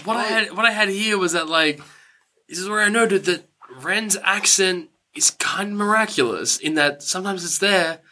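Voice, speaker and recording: Guy on a movie podcast, super bright voice, jokey, does little impressions. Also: sits high, moderate pace, a little hiss or hum. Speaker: podcast co-host. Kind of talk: casual movie recap chat.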